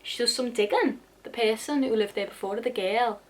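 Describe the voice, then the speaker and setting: A woman's voice: fairly high pitch, moderate pace, noisy background. A young woman chatting casually about her unread books, with dramatic asides and casual swearing. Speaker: book vlogger. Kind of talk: casual chat.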